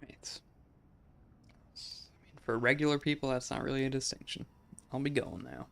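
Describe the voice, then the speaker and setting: A man's voice: medium pitch, flat delivery, moderate pace, gravelly, fairly bright tone. A man hosting a let's play, giving casual gameplay commentary in a chatty, musing way, often saying "like" and laughing.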